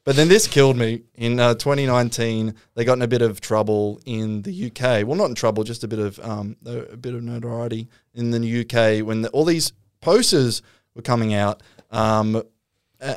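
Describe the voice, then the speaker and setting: A man's voice: mid-range voice, normal speed, clear, resonant tone, dry recording, clean studio sound. Laughing man telling a story. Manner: laughing storyteller, animated retelling. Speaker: podcast co-host. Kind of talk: casual comedic chat.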